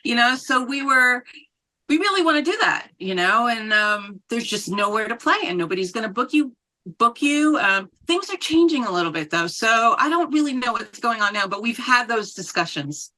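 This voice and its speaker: A metal band singer from New Mexico appears as a podcast guest, chatting animatedly in a casual interview. Her voice sits on the high side with big pitch swings, a moderate pace, and a sharp tone. She laughs often and swears casually.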